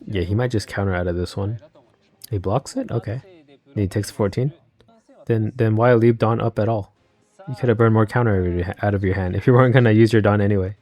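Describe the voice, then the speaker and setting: A man's voice: lowish voice, fairly even intonation, fairly quick, long pauses, a little mellow. A man, a card game YouTuber, giving casual live reaction commentary on a match, thinking aloud and rambling into chatty asides.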